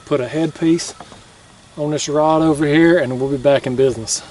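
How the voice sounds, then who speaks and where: A man talks in a slightly high voice as he films himself fishing from a kayak at night, excited, chatty and quick to laugh. He sounds out of breath, and faint water noise sits behind him on the camera mic. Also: recorded from a distance. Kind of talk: casual vlog narration.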